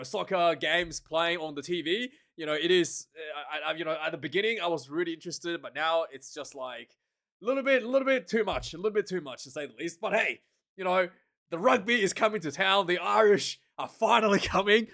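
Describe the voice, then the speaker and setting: A man's voice: high-pitched, a bit bright. A young man hosting casual rugby commentary, rambling and chatty, with frequent laughs and many fillers. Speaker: rugby commentator and channel host.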